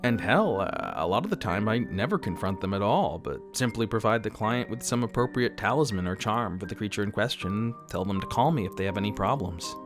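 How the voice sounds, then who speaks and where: A man's voice: lowish voice, lively intonation, brisk, hardly any pauses, music in the background. A man narrating a first-person horror story in a dramatic, wry scripted telling.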